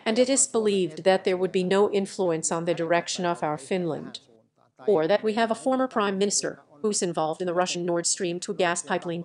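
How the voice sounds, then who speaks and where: A woman reading a translated lecture transcript aloud in an even, measured way, announcing each question and answer. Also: fairly low pitch.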